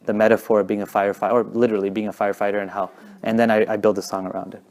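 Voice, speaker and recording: Fast, animated man telling stories. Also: lowish voice. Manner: fast-talking, animated, drops to whispers for effect. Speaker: guest speaker. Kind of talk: casual storytelling talk.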